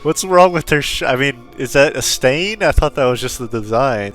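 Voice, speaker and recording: A young man commentating a narrative game as a streamer, loud, mocking and profane. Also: medium pitch, animated, moderate pace, hardly any pauses. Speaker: gaming streamer. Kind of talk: casual let's-play commentary. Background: game music.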